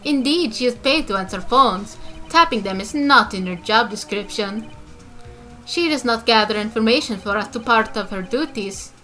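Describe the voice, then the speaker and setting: A woman's voice: on the high side, lively intonation, normal speed, sharp tone, soft background music. A woman voicing a pompous, arrogant male corporate chief who talks in grandiose big words, reading game dialogue aloud. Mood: smug. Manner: grandiose, big-word affected speech.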